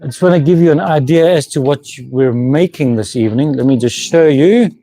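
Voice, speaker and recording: Brisk and fairly high-pitched with a dark tone, a South African man hosts his woodworking live stream, chatting casually, laughing often and restarting sentences. There's no echo, and the camera mic sits on a moving handheld camera.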